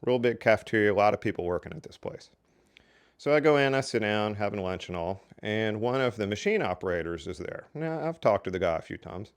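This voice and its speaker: Here a storyteller, an older man, recounts his working life in easygoing anecdotes, his voice on the low side, expressive, clear and resonant. He talks fairly quickly in a homey, chatty manner, leaning often on "so anyway" and "you know."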